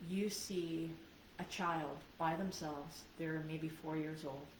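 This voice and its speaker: A woman coach giving a live video training in an earnest, conversational manner, often checking in with her listeners. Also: lowish voice. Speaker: life and business coach. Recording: roomy sound from a distant mic, faint background noise.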